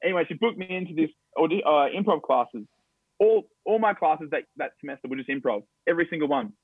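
A man's voice: a little high, lively intonation, fast talker, breathy edge, dry recording. Chatty Australian man on a tinny line. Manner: chatty, storytelling, upbeat. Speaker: guest, stage actor. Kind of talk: casual interview chat. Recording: dry tinny phone-like line.

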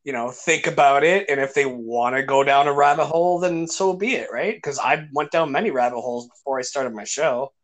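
A man hosting a podcast speaks briskly with few pauses, in a mid-range, slightly bright voice. His casual, enthusiastic storytelling is packed with fillers and restarts.

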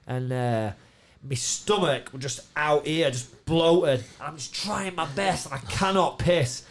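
A man's voice: fairly high pitch, takes it slowly. A man telling a rambling, sweary anecdote in casual podcast chat, often laughing.

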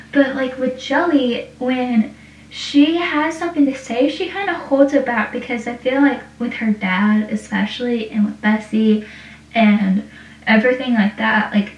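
A young woman talks casually in a loose, rambling way, and she leans on "like" in almost every sentence. Her voice sits a little high. She sounds distant from the mic in an echoey room, with a dull, muffled recording. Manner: rambling, heavy use of "like". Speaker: TV show reviewer. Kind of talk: casual chat.

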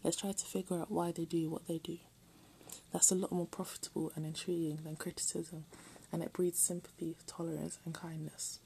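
A woman reading a text aloud in a soft, often half-whispered voice, breaking off for self-mocking jokes. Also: lowish voice, little pitch movement, fairly quick, vocal fry, a little hiss or hum, poor audio. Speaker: reader.

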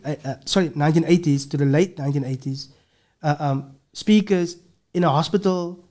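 A man's voice: fairly high pitch, a little mellow. A man, a linguistics professor talking as a podcast guest, explaining earnestly and restarting his words often. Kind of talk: casual interview talk.

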